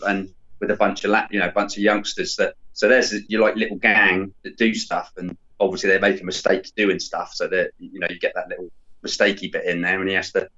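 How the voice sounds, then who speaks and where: A man's voice: low voice, level tone, a little fast, bright, forceful tone, dull audio. A man chatting casually as a podcast guest, rambling and hesitant with many fillers and restarts. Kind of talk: casual chat.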